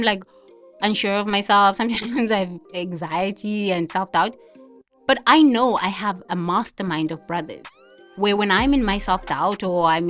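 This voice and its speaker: A woman giving an animated spiritual monologue to camera, often laughing and mimicking others. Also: on the low side. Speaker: vlogger.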